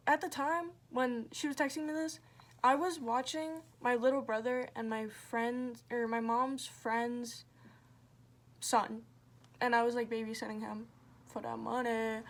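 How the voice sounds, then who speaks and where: A woman's voice: sits high, slow, fairly bright tone. A young woman ranting to camera in a casual get-ready-with-me vlog, exasperated and sarcastic, full of "like" and "literally". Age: young adult. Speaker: vlogger. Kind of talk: casual chat.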